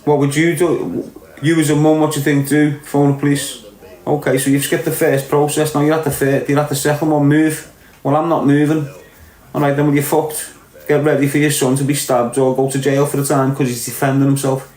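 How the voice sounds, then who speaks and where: A man's voice: a little high, flat delivery, a little fast, a little mellow. A man with a Liverpool accent ranting on a podcast, blunt and sweary, repeating his points for emphasis. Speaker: podcast commentator. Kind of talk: opinionated podcast rant. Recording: echoey room.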